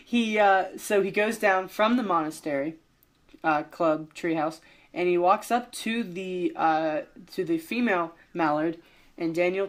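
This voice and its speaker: A young man co-hosting a casual podcast, rambling through an improvised story with lots of fillers and restarts, joking along the way. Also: sits high. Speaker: podcast co-host.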